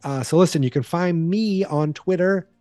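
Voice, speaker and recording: A man's voice: fairly high pitch, normal speed, darkish tone, dry recording, studio quality, soft background music. A man with a Boston accent hosting a solo podcast in a rambling, playful, self-deprecating way. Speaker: podcast host. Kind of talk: casual solo podcast chat.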